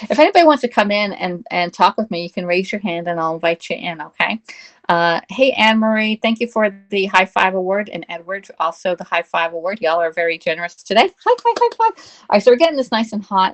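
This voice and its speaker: A woman hosting a live cooking stream from her home kitchen, talking casually, greeting viewers by name and checking in with "all right?". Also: fairly low pitch. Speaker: livestream cooking host.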